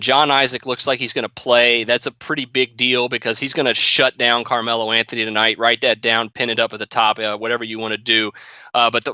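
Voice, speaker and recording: A man giving quick, confident sports betting picks, now and then correcting himself as he goes. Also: medium pitch, sharp tone, clear, resonant tone, no room sound, dull audio. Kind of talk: fast betting picks breakdown.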